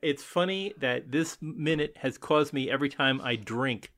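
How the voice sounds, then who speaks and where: A man's voice: mid-range voice, normal speed, a bit bright. A man co-hosting a podcast in casual chat, talking in a hesitant way with many fillers and repeats and frequent laughs. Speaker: podcast co-host.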